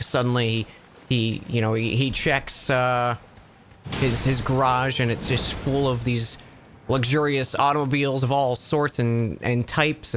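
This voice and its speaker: A man's voice: mid-range voice, fairly bright tone. Guy streaming and telling a long joke, keeps restarting, mid voice, faint hiss. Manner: rambling, self-interrupting storyteller. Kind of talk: casual live-stream chat, joke telling.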